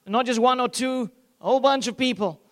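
A male pastor with a strikingly high voice delivers an impassioned sermon. He swings between loud, urgent declarations and soft, hushed lines. He briefly slips into the characters of the scripture he reads. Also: long reverb tail. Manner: acts out scripture characters in quick asides.

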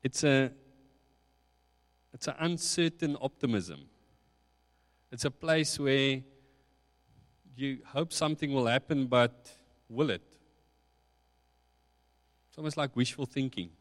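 Male pastor, mid voice, measured reflective sermon delivery, long reverb of a large hall. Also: mid-range voice. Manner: slow, reflective preaching with rising emphasis.

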